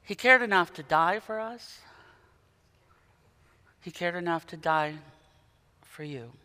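A man preaching a sermon, dramatic, moving from quiet intensity to loud emphatic peaks. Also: sits high, lively intonation, slow pace. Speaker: pastor. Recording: long hall reverb.

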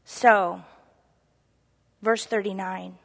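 A woman giving an earnest, confessional sermon, moving between loud emphasis and soft whispered asides. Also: mid-range voice, fairly even intonation, very slow, gravelly. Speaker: church speaker. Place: church sanctuary. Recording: long echo of a large hall.

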